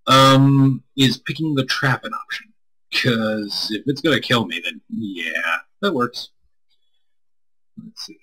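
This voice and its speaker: A man's voice: mid-range voice, animated, slow, sharp tone, husky, rough recording. A man co-hosting a live stream, answering chat in a loose, rambling way and swearing freely. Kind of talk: casual chat.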